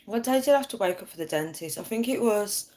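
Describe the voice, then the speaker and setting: A woman's voice: medium pitch, animated, fast, mellow. A woman from the UK chatting casually on a livestream. She talks through her phone, answers viewer comments and laughs often. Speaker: livestream host. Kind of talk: casual live chat with viewers.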